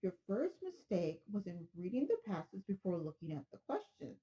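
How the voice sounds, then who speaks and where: A woman voicing a confident, seasoned expert on the phone who talks slowly and patiently to calm a caller. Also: mid-range voice, natural voice, poor audio. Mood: reassuring. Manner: slow, patient, reassuring, deliberate.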